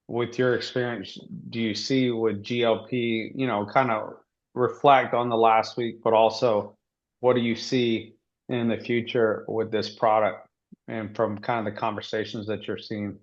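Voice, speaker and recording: Halting man host, slightly dull audio. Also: mid-range voice. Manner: rambling, halting questions with many restarts. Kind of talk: team training interview.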